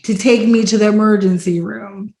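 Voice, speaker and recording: A woman hosting a podcast in casual chat, telling stories in an animated way and acting out quotes loudly. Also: medium pitch, normal speed, vocal fry. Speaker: podcast host. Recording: roomy echo.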